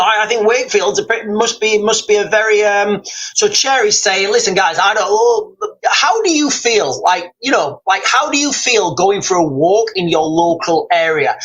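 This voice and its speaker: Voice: mid-range voice, a bit bright, rough recording. Rambling streamer, loose live chat with the audience, keeps saying "guys". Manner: rambling, repeatedly addressing viewers as guys. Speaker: livestreamer reading chat.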